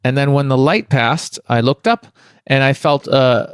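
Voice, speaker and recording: A man's voice: medium pitch, unhurried, clean tone, no room sound, clean studio sound. A man from Toronto, a podcast guest, telling a spiritual story in a rambling, candid way. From Toronto, Canada. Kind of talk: conversational storytelling.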